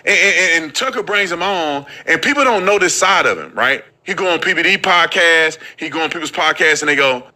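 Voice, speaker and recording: A man's voice: on the high side, expressive, a little fast, few pauses, bright, forceful tone. A man hosting a casual commentary show, often repeating words as he starts sentences. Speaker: host.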